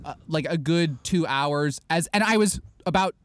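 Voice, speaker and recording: High-voiced man telling an animated story. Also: moderate pace. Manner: animated, laughing, acts out other people's voices. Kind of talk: casual storytelling chat.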